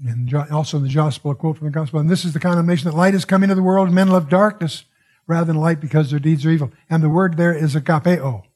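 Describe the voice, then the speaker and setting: A man teaches through a Bible passage, his voice husky and pitched a little high. He muses as he goes, drifting into asides and circling back with restarts. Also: fairly even intonation, fast talker, a little mellow. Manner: digressive, musing, frequent wows and restarts.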